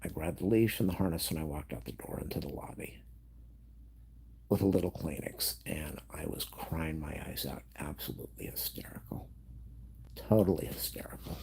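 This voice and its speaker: Very deep gravelly man, grieving. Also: darkish tone. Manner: emotional, halting, slipping into whispers. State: grieving, on the edge of tears. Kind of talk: personal storytelling vlog.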